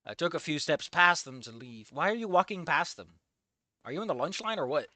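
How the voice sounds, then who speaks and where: Casting: ranting game streamer, lively swings in pitch, bright and sharp, swears a lot. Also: brisk, dry recording. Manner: exasperated, profane, ranting critique. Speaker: streamer reading a game aloud. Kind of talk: game playthrough commentary.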